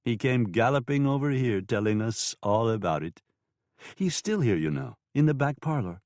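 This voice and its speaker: A man voicing a sly, mocking saloon madam with a French accent in an audiobook, speaking slowly and smoothly. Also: medium pitch, lively intonation, darkish tone, no echo, clean studio sound, natural voice. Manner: smooth, taunting, slow and drawn-out. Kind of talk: audiobook character voice.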